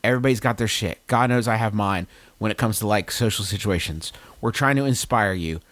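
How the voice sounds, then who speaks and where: A man co-hosting a comedy podcast, talking animatedly and jumping up in pitch for emphasis during casual advice chat. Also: brisk, a bit bright, no echo. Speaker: podcast co-host.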